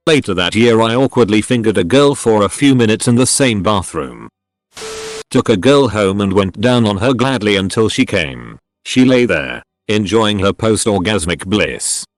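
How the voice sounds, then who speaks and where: A man narrating a series of anonymous stories in a steady, matter-of-fact scripted reading. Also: fairly low pitch, no room sound, studio quality.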